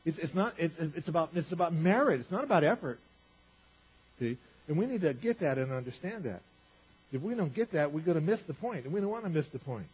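Male pastor, slightly high, husky voice, lo-fi sermon recording. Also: animated, fairly quick, darkish tone. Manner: conversational preaching, repeats phrases, rises in pitch for emphasis. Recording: dull lo-fi recording.

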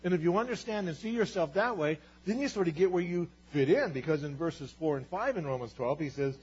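A man's voice: on the high side, lively intonation, brisk, a little mellow, slightly rough. A man preaching a sermon as pastor, earnest and building to emphatic repeated declarations. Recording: dull, lo-fi sermon recording.

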